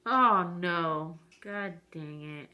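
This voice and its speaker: A woman's voice: lowish voice, drawn-out words, pushed and bright. A woman vlogger chatting casually to viewers while doing her makeup, rambling and self-deprecating.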